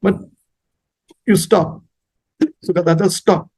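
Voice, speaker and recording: A man giving a sermon, telling a story in a lively, animated way. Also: sits high, takes it slowly, creaky, breathy edge. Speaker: speaker at a temple talk.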